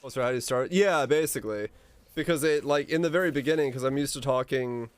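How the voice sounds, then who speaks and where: A male streamer chatting casually with his viewers in a relaxed, rambling way, his deep voice supported from the diaphragm. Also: fast, clear, resonant tone, no echo. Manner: rambling and relaxed, with frequent restarts.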